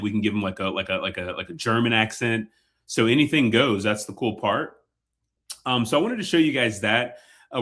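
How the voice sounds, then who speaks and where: A man's voice: on the low side, fairly bright tone. A man presenting a casual sales webinar, chatty and loose, with many fillers and repeated words.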